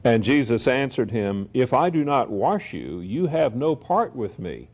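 A man teaching the Bible verse by verse, reading scripture slowly and then explaining it in quick asides. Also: mid-range voice, sing-song. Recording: dull lo-fi recording.

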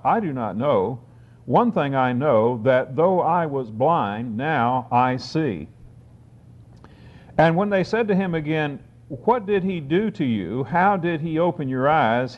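A man giving a sermon, reading scripture aloud and explaining it, slowing down to stress key phrases. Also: a little high. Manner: deliberate, slows for emphasis on key phrases. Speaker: preacher. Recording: dull lo-fi recording.

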